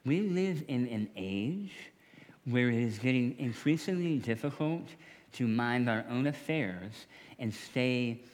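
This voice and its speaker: A man preaching a sermon as a pastor, talking conversationally and acting out little dialogues. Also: medium pitch. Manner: animated, conversational preaching with acted-out quotes. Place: church sanctuary. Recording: long reverb of a church hall.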